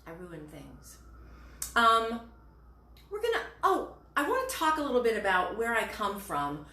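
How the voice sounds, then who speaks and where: A woman's voice: fairly high pitch, huge pitch swings, moderate pace, pushed and bright. A woman from Ohio telling chatty, self-mocking stories between songs at a home concert, recorded on a camera set above her. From Shadyside, Ohio, USA. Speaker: cabaret singer. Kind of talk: cabaret patter. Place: home room. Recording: roomy home room with faint music.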